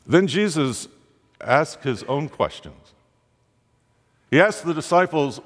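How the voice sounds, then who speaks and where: A man's voice: expressive, slow, long pauses. Male preacher, dramatic sermon delivery, voice climbing on pleas; long reverb of a big church hall. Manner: dramatic, rising pitch on quoted pleas.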